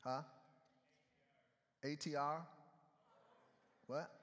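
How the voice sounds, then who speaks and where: A man's voice: fairly high pitch, steady tone, drawn-out words, a bit bright. A man preaching a sermon in a conversational way and bantering with the congregation, heard in an echoey hall. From United States. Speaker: pastor.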